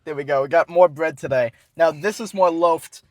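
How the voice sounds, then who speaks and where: A man talking in a fairly high voice, hosting a casual food review from inside a car. He rambles and sounds self-assured and jokey, and the sound is dry and close with no room echo. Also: moderate pace.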